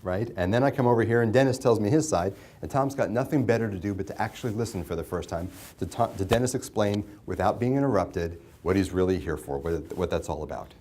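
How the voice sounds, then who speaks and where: This man's voice is fairly low and a little mellow, moving quickly with hardly any pauses. He is a mediation instructor giving an interactive classroom lecture, talking conversationally, quizzing students and repeating what they say.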